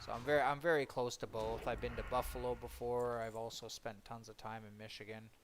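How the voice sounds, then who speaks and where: A man's voice: medium pitch, level tone, fairly quick, slight background noise. A man from Ontario streaming a game, chatting casually and rambling while he answers viewers' comments. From Ontario, Canada. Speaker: gaming streamer. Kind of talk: casual chat with live chat while gaming.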